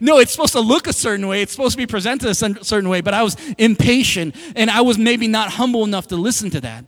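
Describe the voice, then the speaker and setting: High-pitched guy preaching, chatty and animated, lots of reverb like a big church hall. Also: quick pace, hardly any pauses. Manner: animated, conversational, acts out quoted dialogue. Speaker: pastor. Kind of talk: sermon.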